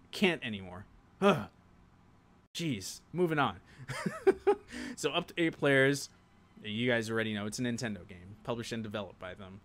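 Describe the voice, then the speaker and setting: A man's voice: mid-range voice, a bit bright. A man hosting a casual gaming news stream, rambling, restarting sentences and chuckling at his own asides. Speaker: show host.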